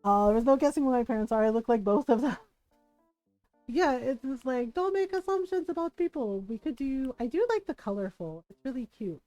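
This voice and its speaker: A woman with a high voice chats casually on stream while she plays a game. She tells stories in an animated way, laughs often and keeps asking "right?". Her voice sounds close and dry, with faint music underneath. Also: a little fast, dry recording, rough recording. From United States. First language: bilingual in Tagalog. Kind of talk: casual chat while gaming.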